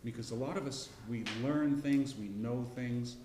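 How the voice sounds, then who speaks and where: A middle-aged man teaching a casual Bible class, folksy and rambling, with frequent restarts and throat clearing. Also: medium pitch, normal speed, mellow, roomy sound, a little hiss or hum. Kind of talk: casual Bible lesson with personal story. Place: church classroom.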